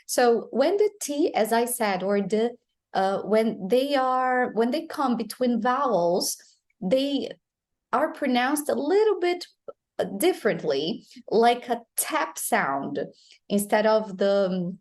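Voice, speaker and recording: A woman with a Brazilian Portuguese accent teaching English pronunciation, explaining slowly and modeling phrases for students to repeat. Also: on the high side, animated, darkish tone. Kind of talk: pronunciation lesson.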